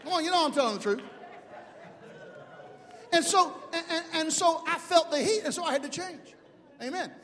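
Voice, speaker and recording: A man in his fifties from Mobile, Alabama, preaching a sermon as pastor, animated, swinging from shouts to hushed asides. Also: extremely high pitch, normal speed, pauses often, a faint crowd. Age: 50s. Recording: long hall reverb.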